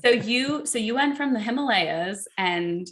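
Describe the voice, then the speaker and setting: A woman's voice: a little high, lively intonation, unhurried, fairly bright tone. A woman hosting a podcast, chatting casually and affirming her guest, often asking "right?". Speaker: podcast host. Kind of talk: casual interview chat.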